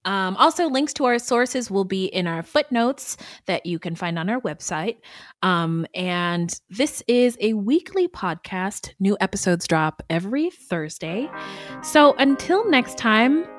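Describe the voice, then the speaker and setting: A woman co-hosting a podcast in casual chat, animated and blunt, swearing freely. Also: medium pitch, measured pace, soft background music. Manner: animated, swearing, bursting into laughter. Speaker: podcast co-host.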